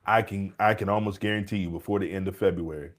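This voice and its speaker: A man co-hosting a podcast in casual chat, telling stories with animated delivery and frequent laughter. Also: deep voice, fast. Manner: animated storytelling, laughs often. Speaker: podcast co-host.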